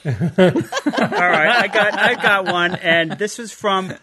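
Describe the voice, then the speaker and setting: A man co-hosting a podcast, telling animated stories in casual banter and laughing often. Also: sits high, slow, a crowd in the background. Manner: animated storyteller, giggly. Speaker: podcast co-host.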